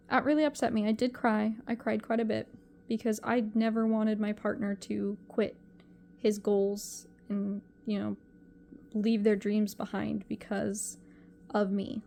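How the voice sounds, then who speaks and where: A woman's voice: mid-range voice, vocal fry, warm tone, slight background noise. A young woman talking to camera in a personal vlog, emotional and rambling, often repeating herself. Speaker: vlogger.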